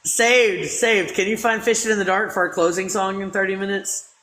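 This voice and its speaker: A woman's voice: medium pitch, fairly even intonation, normal speed, crowd noise. A woman, hosting a casual live stream while drinking, playful and teasing with lots of laughter. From East Texas. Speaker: livestream host.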